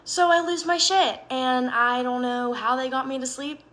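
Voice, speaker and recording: A young woman from Alabama telling a casual storytime, profane, animated and self-mocking. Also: sits high, normal speed.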